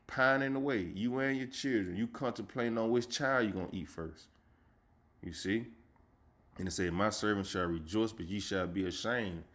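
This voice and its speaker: A man giving an emphatic street sermon, reading scripture slowly and stopping often to ask "you see?". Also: fairly low pitch. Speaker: street preacher.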